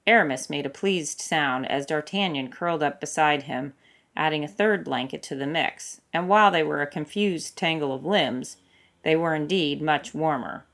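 A woman reads a story aloud with steady, expressive narration. Her voice is notably low for a woman, calm, and even. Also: moderate pace. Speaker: fanfic reader. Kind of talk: storybook reading.

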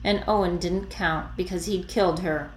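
A woman's voice: lowish voice, steady tone, normal speed, a little hiss or hum. Woman reading a story aloud. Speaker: narrator. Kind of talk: fan fiction read aloud. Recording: echoey room.

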